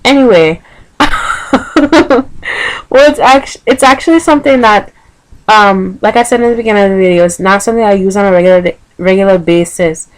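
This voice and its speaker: A woman's voice: mid-range voice, normal speed, low-quality recording. A woman with a Vincentian accent chatting casually in a vlog, hesitant, with many ums, on a computer microphone. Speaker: vlogger. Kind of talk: casual accent tag video.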